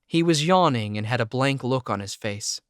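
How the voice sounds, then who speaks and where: A man reading a first-person audiobook narration in a steady, measured way. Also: medium pitch, dry recording, clean studio sound.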